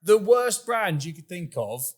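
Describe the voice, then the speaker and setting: A man's voice: high-pitched, very animated, measured pace. A young man co-hosting a podcast, rambling through crude, sweary stories and laughing often. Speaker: podcast co-host. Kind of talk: crude casual banter.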